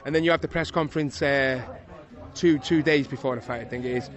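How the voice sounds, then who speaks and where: A middle-aged man with a Liverpool accent, a retired boxer telling a lively anecdote in a casual interview, chuckling as he goes. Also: mid-range voice, a little fast, lo-fi sound. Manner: lively storyteller, chuckling, swears oaths. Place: outdoors at an evening boxing event.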